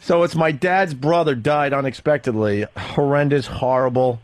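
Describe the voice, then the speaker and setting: A male radio host telling a long personal story in casual talk, halting and rambling, laughing nervously through grim parts. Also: mid-range voice, no echo.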